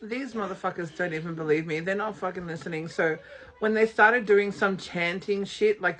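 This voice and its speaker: An adult from Australia, telling a wild story in a casual vlog, animated, swearing freely and acting out the quotes. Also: mid-range voice. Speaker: vlogger.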